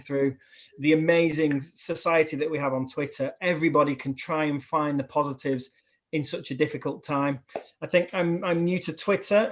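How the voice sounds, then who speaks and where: A man with a northern English accent, a primary head teacher speaking on a webinar panel in an upbeat, emphatic way. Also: a little high. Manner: upbeat, emphatic, repeats words when starting a thought. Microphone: remote video call.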